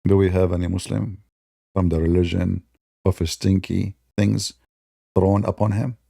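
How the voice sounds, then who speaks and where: Man, gravelly, sarcastic debate-show host with a mellow, dark tone. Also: level tone, unhurried, dry recording, clean studio sound. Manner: mocking, sarcastic, imitates opponents in high voices. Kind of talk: polemical monologue.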